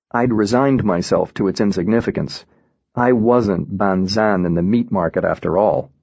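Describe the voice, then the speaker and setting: A man reading a first-person novel aloud in an even, reflective way. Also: fairly low pitch, no echo. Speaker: audiobook narrator. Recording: dull, dry lo-fi recording.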